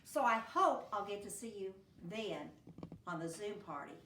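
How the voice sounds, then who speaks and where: A woman first grade teacher reading a picture book aloud to children, with animated, expressive voices. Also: medium pitch, moderate pace, echoey room, far from the mic, slight background noise.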